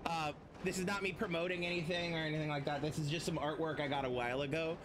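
A man's voice: on the high side, steady tone, fast, noisy background. A man casually commenting on his gameplay as a streamer, rambling and swearing freely.

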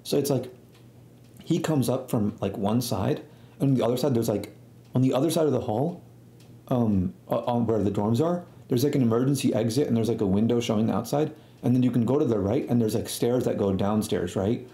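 Brisk and dark-toned, his mid-range voice drives a loose, slangy story laced with profanity. He's a young storytelling streamer recorded in an echoey space.

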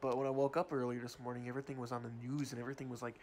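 A man's voice: mid-range voice, level tone, rapid-fire, a little mellow, a little hiss or hum, close to an everyday voice. A man voicing an angry office worker who was just fired, swearing and stumbling over his words. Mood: storytelling. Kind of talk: amateur game-video voice acting.

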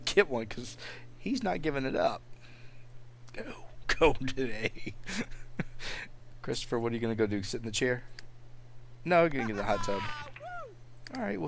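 A man's voice: medium pitch, vocal fry. A man giving casual gameplay commentary on a life-sim game, talking to his characters and laughing often. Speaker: let's play host. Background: game music.

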